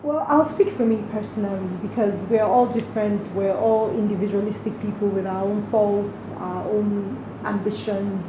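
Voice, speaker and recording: A woman's voice: mid-range voice, fairly even intonation, moderate pace, hardly any pauses. A middle-aged woman from Nigeria, answering interview questions earnestly and reflectively. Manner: earnest, speaks directly to late mother. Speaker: interview guest. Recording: roomy with clear background noise.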